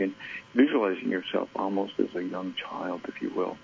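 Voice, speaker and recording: A man giving a reflective talk on self-compassion, soft-spoken and halting, with many fillers and restarts. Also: low-pitched, fairly even intonation, vocal fry. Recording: dull lo-fi audio with faint hum.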